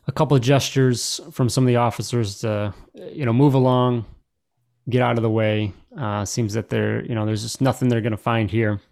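A man's voice: medium pitch, gravelly, a little mellow. A man running a tabletop game as game master, narrating casually with many fillers.

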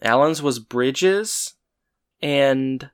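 A man's voice: medium pitch, drawn-out words, clean tone. A man co-hosting a podcast, casually recapping an episode in a meandering way with hesitations. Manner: relaxed, meandering retelling with hesitations. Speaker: podcast co-host.

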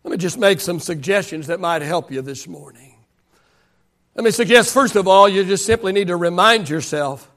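A man's voice: sits high, moderate pace, a bit bright. A pastor preaching a passionate sermon at a church service. He repeats his phrases and lets many lines trail off into near silence.

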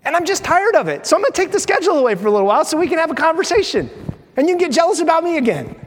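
A man's voice: extremely high pitch, sing-song, rapid-fire, a little hiss or hum, voice pushed up. A man voicing God as exasperated and scolding, lecturing a stubborn believer. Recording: long hall reverb.

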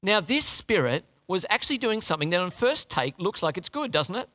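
Animated, bright-voiced male preacher. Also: sits high, a little fast. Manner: animated, conversational preaching with restarts. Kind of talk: sermon.

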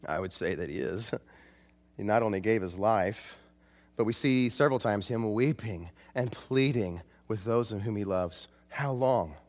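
A man's voice: lowish voice, unhurried. A man preaching a sermon, earnest and impassioned, rising to pleading cries when he quotes scripture. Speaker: pastor. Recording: long hall reverb.

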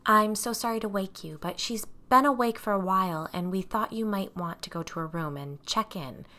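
A woman voicing a gentle middle-aged female ghost hunter in an audiobook, speaking in a soothing, apologetic way. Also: mid-range voice, moderate pace, lightly acted. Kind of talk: audiobook character voice.

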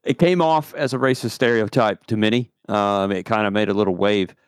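A man's voice: on the low side, a little fast, clean tone, no room sound. A man co-hosting a casual motorsport podcast, rambling with lots of fillers and dry jokes. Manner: rambling, filler-heavy, joking. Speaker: podcast co-host.

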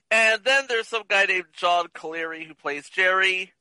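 A man's voice: high voice, a little slow, bright, forceful tone, poor audio. A man co-hosting a casual movie chat podcast, teasing and wry. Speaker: podcast co-host.

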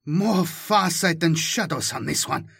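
A man's voice: a little high, lively intonation, measured pace, gravelly, fairly bright tone, breathy edge, dry recording, clean studio sound, exaggerated voice. A man voicing a querulous male alien magister in an audiobook. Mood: disbelieving. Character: older male alien magister, fretful and wary.

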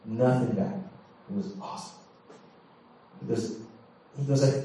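A man's voice: medium pitch, fairly even intonation, normal speed, long pauses, dark tone, a little hiss or hum. A middle-aged man preaching, telling a candid personal story with laughs and dramatic swings. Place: large church hall. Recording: echoey hall, mic from far off.

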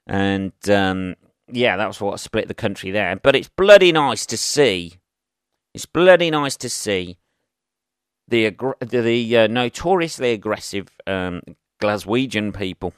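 Middle-aged man, solo podcaster, low smooth voice, sweary rambling chat. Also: expressive, a little slow, a bit bright, no echo, clean studio sound. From England. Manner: sweary, rambling and chatty, asking rhetorical tag questions. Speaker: podcast host.

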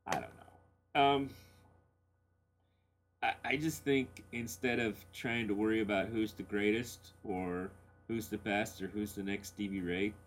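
A man's voice: lowish voice, a little slow, slight background noise. A middle-aged man hosting a blues radio show, casually answering listener letters in a rambling, candid way with plenty of fillers and chuckles.

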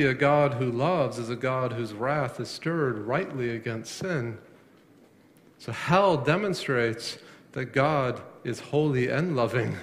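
A pastor preaching a sermon, asking his congregation questions and rising sharply in pitch to stress a point. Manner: asks the congregation questions, rises sharply on emphasis. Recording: long reverb of a hall.

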